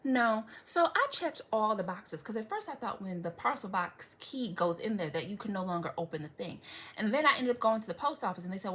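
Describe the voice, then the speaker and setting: A woman's voice: mid-range voice, sing-song, a little fast, a bit bright, slight background noise. A young adult woman vlogger telling a story in casual chat, dramatic and sarcastic, swearing freely and asking viewers asides. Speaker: beauty vlogger.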